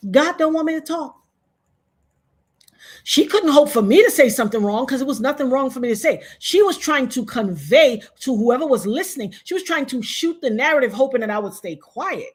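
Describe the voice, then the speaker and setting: A woman's voice: high-pitched, lively intonation, fairly quick, few pauses, breathy edge. A woman being interviewed who tells her story in a blunt, emphatic, profane way. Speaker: guest.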